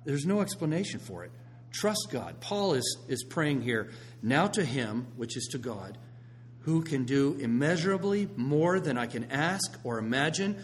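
Middle-aged man, pastor, sermon, lively storytelling, loud then hushed, faint hum behind. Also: mid-range voice, unhurried. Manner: animated storytelling, swings between loud and hushed.

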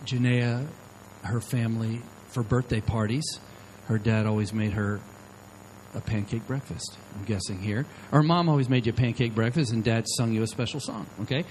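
A man's voice: mid-range voice, normal speed, a little hiss or hum, rough recording. A man preaching to a live audience into a handheld microphone, acting out the people in his stories. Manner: animated, acts out quotes of the people in his stories. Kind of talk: sermon storytelling to a live audience.

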